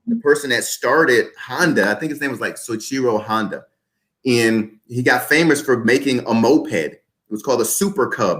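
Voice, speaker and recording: During a podcast interview, a twenty-something guest speaks with motivational-speaker emphasis, circling back to the same points repeatedly. His voice is mid-range and a bit bright.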